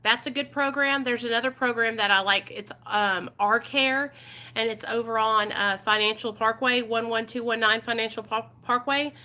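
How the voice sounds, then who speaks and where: A woman's voice: fairly high pitch, fairly even intonation, moderate pace, bright, forceful tone. A woman with an East Texas accent hosting a casual recovery support livestream. She reads workbook passages aloud and chats bluntly with viewers, greeting them and answering their comments.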